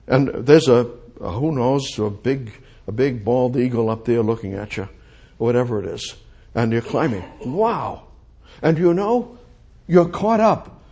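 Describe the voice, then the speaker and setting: A man preaching a sermon, dropping to a hush and rising to loud cries, repeating phrases for emphasis. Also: medium pitch, normal speed, husky. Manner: lively, swings from hushed to loud, repeats phrases.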